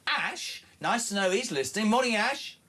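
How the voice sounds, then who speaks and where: Man, radio host, breakfast talk show, reads listener texts, cheeky banter, slightly high voice. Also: big pitch swings, pushed and bright, husky. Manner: cheeky, quick-witted, mocking asides.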